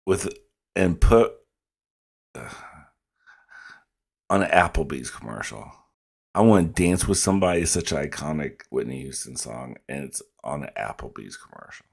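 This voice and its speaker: A man's voice: rumbling low, sing-song, a little slow, creaky, long pauses, slightly rough. A man with a rural American accent, reacting to a comedy clip in a laid-back, rambling way. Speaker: reaction video host. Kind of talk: casual commentary.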